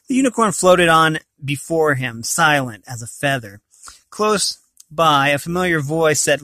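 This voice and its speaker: A man's voice: fairly high pitch, expressive, a little slow, sharp tone, no echo. A man reading a storybook aloud, often stumbling and correcting himself mid-sentence. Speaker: reader of a novel.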